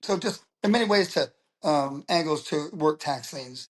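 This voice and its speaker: Middle-aged male coach as interview guest; a touch high-pitched, lively, tripping over his words. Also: moderate pace. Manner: animated storytelling with frequent stammered restarts. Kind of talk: casual interview talk.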